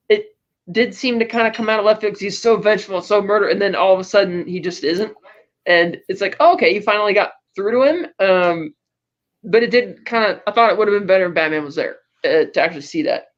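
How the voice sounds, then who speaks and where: On dull lo-fi podcast audio, a woman co-host rambles through a film recap in casual chat, full of fillers and small laughs. Her voice is fairly low and she talks fairly quickly.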